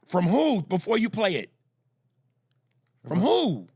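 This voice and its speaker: Gravelly male podcast host, lively delivery, husky, dry mic. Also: sits high, takes it slowly, no room sound. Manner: animated, reads emails aloud, jokes in voices. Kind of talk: casual podcast banter.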